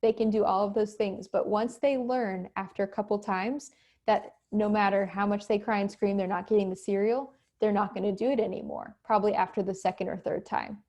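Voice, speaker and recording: Female instructor with a warm, relaxed tone, recorded at home on a computer mic, acting out short examples. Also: medium pitch. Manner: conversational, acts out quick examples. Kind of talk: recorded online lecture. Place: home, cat nearby.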